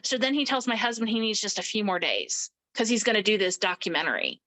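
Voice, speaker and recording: A woman's voice: mid-range voice, lively intonation, quick pace, sharp tone, rough recording. A middle-aged woman, an interview guest, recounting a personal story emphatically and acting out the people she quotes.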